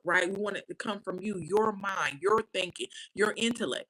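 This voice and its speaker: A woman's voice: medium pitch, normal speed, hardly any pauses, rough recording. A woman giving casual commentary to camera, emphatic and repetitive, punctuating her points with "right?" and "okay?". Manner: animated, preacher-like cadence. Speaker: commentary vlogger.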